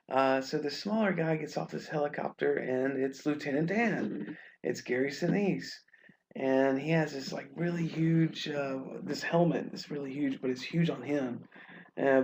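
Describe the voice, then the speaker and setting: A man's voice: medium pitch, creaky, a little mellow, slight background noise, poor audio. A young man from Alabama, an English teacher telling stories in a casual online class, chatty and full of fillers. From Alabama, USA. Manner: friendly, chatty, many fillers. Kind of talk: casual webinar storytelling.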